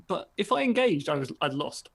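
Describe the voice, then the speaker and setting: A man telling a relaxed story during a casual chat from home over a video call. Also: a little high, unhurried, vocal fry, husky.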